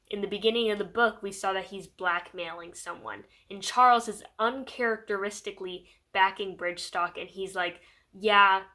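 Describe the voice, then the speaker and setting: Woman, book vlogger, chatty, rambling, bright tone. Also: medium pitch. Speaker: book reviewer. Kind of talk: casual vlog recap.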